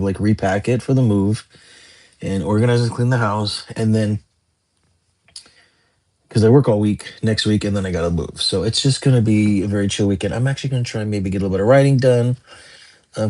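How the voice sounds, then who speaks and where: With a fairly low, slightly mellow voice, a young man hosts a relaxed livestream, chatting loosely and responding to what viewers write.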